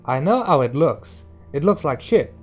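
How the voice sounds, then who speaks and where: A man's voice: on the high side, very animated, moderate pace, faint music behind, pitched above the performer's own voice. A man putting on a sulky British drug dealer. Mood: defensive. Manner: sulky, scornful.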